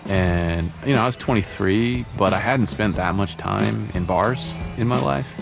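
Deep, gravelly man telling a story. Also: unhurried, over music. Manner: relaxed and conversational. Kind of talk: personal storytelling narration.

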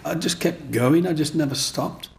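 This man's voice is on the high side with vocal fry, and he talks at a normal speed. He rambles through stories from his own life during an interview, circling back over the same points and dropping "you know what I mean" again and again.

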